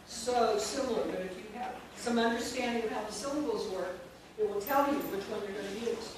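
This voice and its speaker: Her medium-pitched voice moves briskly as she trains teachers in phonics, drilling sounds and syllables and putting questions to the room. It's a noisy recording in an echoey room, with the mic far away.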